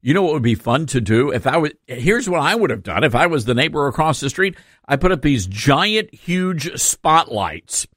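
A man's voice: fairly high pitch, big pitch swings, normal speed, hardly any pauses, a bit bright, dry recording, clean studio sound. A man hosting a talk radio show, sarcastic and opinionated, laughing through his asides.

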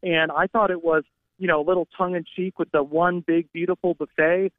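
A man's voice: a little high, flat delivery, fairly quick, no room sound. A man phoning in to a talk radio show as a political strategist, speaking confidently and combatively. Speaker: political strategist guest on a call. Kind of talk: phone-in talk radio interview. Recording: tinny phone line.

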